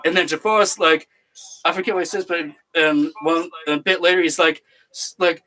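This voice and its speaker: A channel host chatting casually, rambling through a story with acted quotes and excitable bursts. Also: mid-range voice, normal speed, low-quality recording. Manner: excitable, bursts into loud laughing shouts. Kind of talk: casual recap chat.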